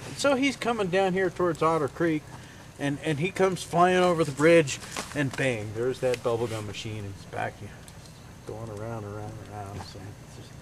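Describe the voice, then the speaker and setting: A man rambles through a joke at an outdoor campout, full of "you know". His voice sits mid-pitched. The camcorder audio is loud with outdoor noise. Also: moderate pace. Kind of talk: casual joke telling around a campout. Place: outdoors at a campsite.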